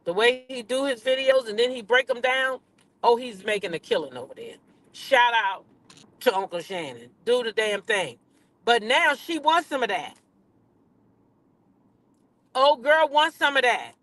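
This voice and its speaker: A woman's voice: on the high side, animated, unhurried, pauses often, fairly bright tone. Sassy woman ranting on gossip. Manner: sassy, emphatic, repeats her points. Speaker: commentary channel host. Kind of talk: casual gossip commentary rant.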